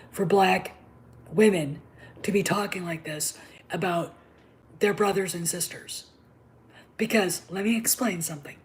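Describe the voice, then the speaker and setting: Heated woman ranting, low voice. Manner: heated, emphatic, drops to whispers for emphasis. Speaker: channel host. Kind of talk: ranting opinion monologue.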